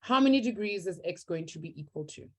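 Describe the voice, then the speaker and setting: A woman's voice: on the low side, animated, quick pace, a little mellow. Upbeat woman teacher. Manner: upbeat, encouraging, reads out names from the chat. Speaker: maths teacher. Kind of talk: live online class.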